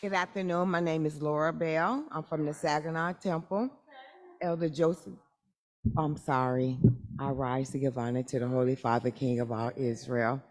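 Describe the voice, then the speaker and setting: A woman's voice: low voice, fairly even intonation, normal speed, big-room sound. A woman eagerly greeting a church assembly, saying how thrilled she is to be there. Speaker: church member.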